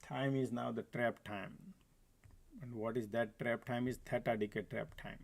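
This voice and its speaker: A man's voice: medium pitch, normal speed, vocal fry, darkish tone. A man hosting a live stock trading stream, chatting casually to viewers as folks and laughing often. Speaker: stock trading livestream host. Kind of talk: live market commentary. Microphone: desk mic, at times sitting far from it.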